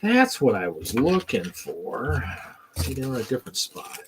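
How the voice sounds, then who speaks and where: A man's voice: medium pitch, wildly swooping pitch, moderate pace, noisy background. A man co-hosting a casual live stream, muttering to himself as he rummages through his pieces. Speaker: co-host. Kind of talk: casual chat while sorting minifigures.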